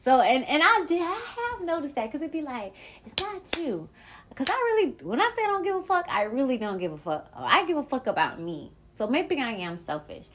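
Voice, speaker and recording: A woman hosting her own podcast, talking in a blunt, profane and animated solo monologue about her life. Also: high-pitched, fairly quick, few pauses, a little hiss or hum. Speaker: podcast host.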